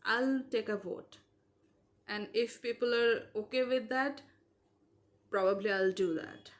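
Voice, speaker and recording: Young woman from southeast asia, rambling live stream chat while painting, kinda high voice. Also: unhurried. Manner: rambling and frank. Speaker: digital artist streaming live.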